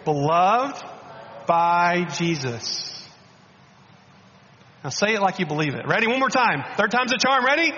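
A man preaching a sermon as a guest speaker, animated and coaxing, often restarting and repeating words. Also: high-pitched, fast talker, few pauses, big-room sound, lo-fi sound, slight background noise.

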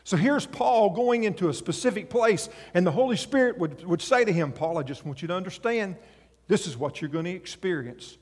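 A man preaching a sermon as pastor, animated, acting out voices from scripture and swinging between loud and soft. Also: sits high, brisk, long reverb tail. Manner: animated, acts out voices in scripture, rises and drops in volume.

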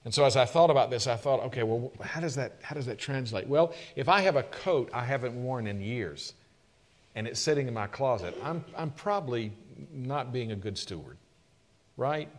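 A male pastor delivering a sermon, full of rhetorical questions, swelling louder and then dropping low. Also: lively intonation, moderate pace.

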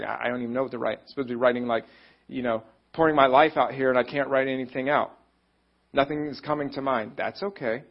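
Guy pastor preaching casual and encouraging, acts out what people think, kinda dull lo-fi sound. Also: medium pitch. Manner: conversational, encouraging, acts out quoted thoughts. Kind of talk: sermon.

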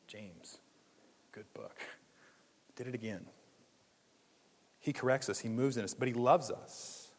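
A man preaching a sermon in a church, conversational and animated, with jokes and asides. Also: mid-range voice, takes it slowly, pauses often, in a large hall. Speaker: pastor.

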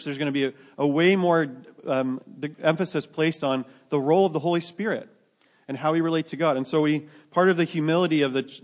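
Man preaching a casual sermon. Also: on the high side. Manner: conversational, many restarts, self-deprecating asides. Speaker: pastor.

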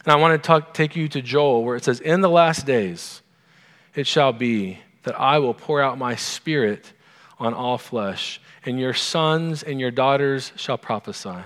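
A male pastor preaching an informal, conversational sermon, asking his congregation questions as he goes. His voice sits at an ordinary pitch. The sound carries a long reverb from a church hall. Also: a little slow, fairly bright tone.

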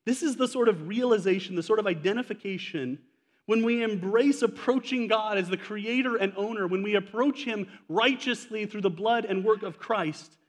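A male pastor in his forties with a high voice delivers a sermon in a conversational way, tossing rhetorical questions and casual asides to his congregation. His voice rings out with a long hall reverb around it. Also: moderate pace.

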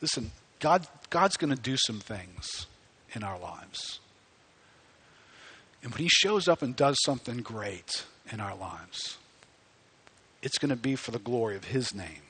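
Bright, husky-voiced male preacher. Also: mid-range voice, a little slow, pauses often. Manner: animated preaching, rising to near-shouts. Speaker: pastor. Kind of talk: sermon.

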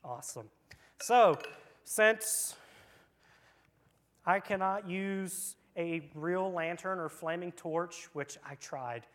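A man's voice: sits high, slow, pauses often, a bit bright. A man leading an interactive Bible lesson for children, reading scripture and joking in a playful, casual way. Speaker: children's church leader. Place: church room with children present.

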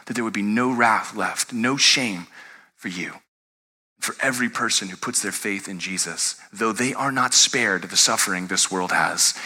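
Man, pastor, sermon, thirties, very bright and forceful tone, animated, loud peaks and soft lows. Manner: animated, conversational, asks the congregation questions; swings from loud emphatic highs to soft low passages.

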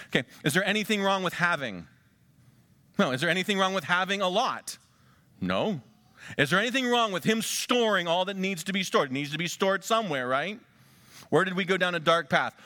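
A middle-aged pastor from Western Pennsylvania preaching a sermon in a conversational way, full of rhetorical questions. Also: male voice, high-pitched, animated, brisk, bright, forceful tone.

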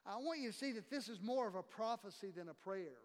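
A man's voice: sits high, expressive, quick pace, big-room sound. A man preaching a sermon as a pastor, impassioned and emphatic, acting out the voices of the people he quotes.

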